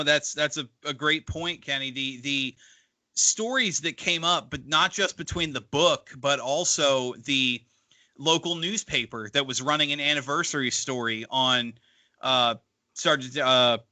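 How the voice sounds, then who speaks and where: Bright-voiced, halting podcast host. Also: male voice, mid-range voice, no room sound. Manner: halting, restarts often while framing long questions. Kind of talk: casual podcast interview.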